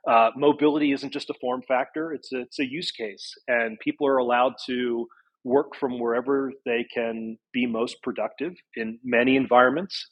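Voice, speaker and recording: A man lays out his points on a podcast in a measured, explanatory manner. His voice is mid-pitched with a husky edge. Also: a bit bright, poor audio. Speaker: product strategy guest. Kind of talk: podcast discussion.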